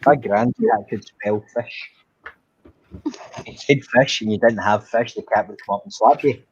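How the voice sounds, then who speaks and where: A middle-aged man with a husky voice, telling swearing, animated stories in a casual group chat. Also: fairly low pitch, normal speed, lo-fi sound, a little hiss or hum. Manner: swearing, animated storytelling with acted quotes. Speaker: chat participant.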